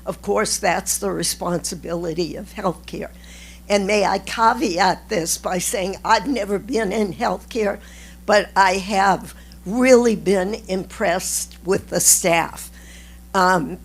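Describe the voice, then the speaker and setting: A woman losing her voice makes a measured, earnest statement at a community meeting. She talks slowly and deliberately. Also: mid-range voice. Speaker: board member. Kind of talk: statement at a town hall meeting.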